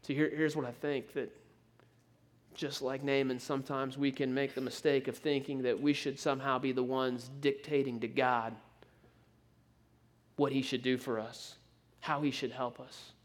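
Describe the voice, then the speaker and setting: A man preaching a sermon, telling the story in an animated way with frequent stammered restarts. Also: medium pitch, normal speed.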